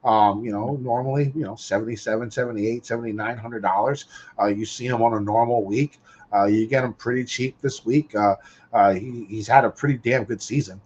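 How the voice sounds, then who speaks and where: A man filling in as guest co-host on a golf betting podcast, talking haltingly with plenty of fillers. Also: medium pitch, steady tone, darkish tone, slightly rough, dull audio. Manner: halting, filler-heavy talk. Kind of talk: casual golf betting chat.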